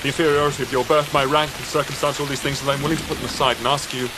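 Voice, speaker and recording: An actor playing a proud aristocratic gentleman, speaking in a formal, strained and urgent way in a period film drama, with heavy rain behind him. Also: medium pitch, flat delivery, racing, heavy background noise, natural voice. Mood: anguished. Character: proud, tormented aristocratic gentleman confessing love.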